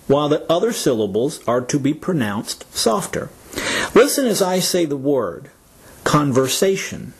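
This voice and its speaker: A man teaching English pronunciation in a slow, measured scripted lesson, repeating words for learners to echo. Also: a little high, a little mellow, slightly rough.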